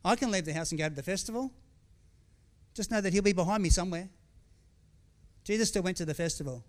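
A man's voice: sits high, fast talker. A middle-aged man preaching a sermon as pastor, speaking candidly and conversationally with frequent restarts and asides. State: tearful at times.

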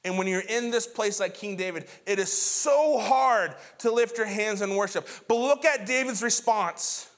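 Man, pastor, sermon, high voice, earnest, fervent peaks. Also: normal speed, few pauses, a bit bright. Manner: earnest, rising to fervent emphasis.

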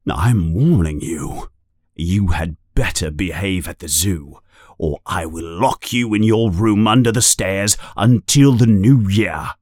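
A gruff, angry uncle growls stern warnings in a low voice, as a man reads his lines. The delivery is heavy and slow, close and dry. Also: darkish tone, no echo. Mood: threatening.

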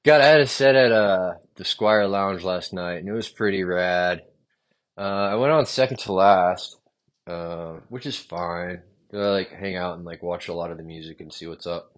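A young man rambling through a profane solo monologue, drifting off into quiet mumbles between lines. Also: sits low, moderate pace. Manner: meandering, profane, trails off quietly. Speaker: podcast host.

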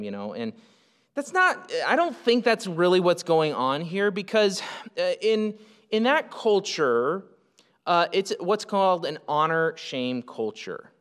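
A man from the United States preaching a sermon, talking to his congregation in a loose, conversational manner with frequent asides. His voice sits somewhat high for a man. The sound carries a long reverb, as in a large hall. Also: big pitch swings, a little slow, a bit bright, clean tone. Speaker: pastor.

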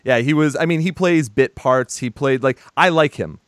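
A man's voice: medium pitch, moderate pace, dry recording, studio quality. A man hosting a movie podcast in casual chat, rambling and laughing, with some swearing. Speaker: podcast host.

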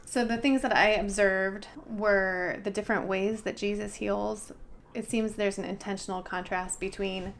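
A woman's voice: medium pitch, fairly even intonation, moderate pace, gravelly, slight background noise. A woman co-hosting a casual bible study discussion, chatty and thinking aloud.

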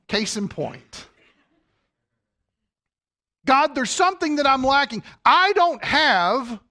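A man's voice: very high-pitched, pushed and bright, voice pushed up, exaggerated voice. A man voicing an insecure man pleading his unworthiness to God, in a pleading, self-doubting way.

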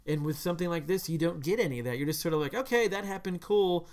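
A man co-hosting a podcast, talking casually about a film in long, animated runs full of "like.". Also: a little high, racing. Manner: animated, slips into mock voices to quote characters; talks in long runs with many "like" fillers. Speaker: podcast co-host.

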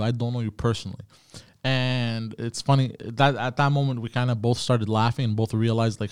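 A man's voice: medium pitch, smooth, no echo, studio quality. A man hosting a podcast, telling a story in a casual, profane way with many fillers and restarts. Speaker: podcast host.

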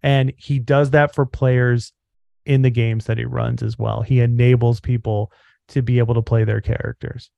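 A man's voice: medium pitch, level tone, normal speed, vocal fry, no room sound, dull audio. A man co-hosting a podcast, speaking in an earnest, reflective way with frequent fillers such as "um" and "like". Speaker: podcast co-host. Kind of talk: casual podcast chat.

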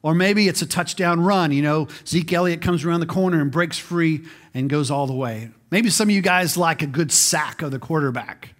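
A man's voice: fairly high pitch, normal speed. Conversational preaching man. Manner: conversational preaching, repeats words when restarting. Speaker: pastor. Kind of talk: sermon.

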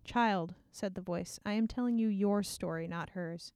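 A woman's voice: mid-range voice, unhurried, a little mellow, clean tone, dry recording, clean studio sound. A woman chatting casually about a book with a friend, laughing often and reading passages aloud.

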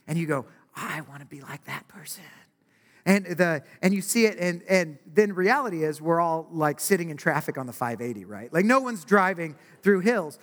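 A man gives a conversational sermon peppered with "right?" and acted-out quotes, speaking a little high with lively intonation at normal speed and hardly any pauses. His slightly bright voice rings through the long reverb of a large hall.

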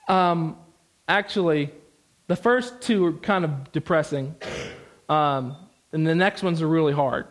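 This is a young American man's sermon, lively and forceful, with repeated phrases and relaxed side comments, spoken in a high voice at normal speed.

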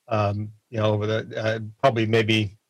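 A man's voice: fairly low pitch, little pitch movement, dry recording, low-quality recording. A man talking as a podcast guest in a friendly, casual way, often restarting his sentences. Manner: friendly, halting with many restarts. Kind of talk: casual interview chat.

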